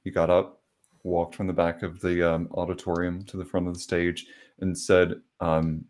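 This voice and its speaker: A man from South Carolina hosting a podcast, chatting casually and telling stories at an unhurried pace with many filler pauses. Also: low-pitched, monotone. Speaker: podcast host. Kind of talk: casual conversation.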